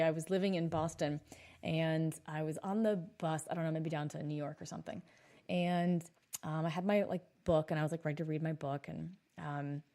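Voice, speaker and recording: Woman in her thirties, podcast host, storytelling monologue, blunt, swears for emphasis, low-pitched voice. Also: dark tone.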